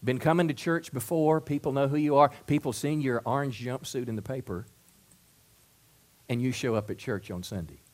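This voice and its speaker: A man's voice: medium pitch, normal speed. A man preaching a sermon as pastor, folksy and conversational, asking his listeners question after question and stumbling over repeated words when he gets going. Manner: asks the crowd many rhetorical questions.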